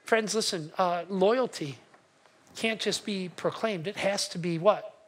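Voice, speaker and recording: Pastor guy preaching a sermon, earnest, slow pauses, asks the room stuff. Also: sits high.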